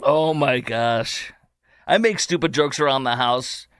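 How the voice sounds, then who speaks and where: A man's voice: mid-range voice, measured pace, fairly bright tone, clean tone, no room sound, studio quality. A man hosting a political commentary show, talking in a sarcastic, mocking way. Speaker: host.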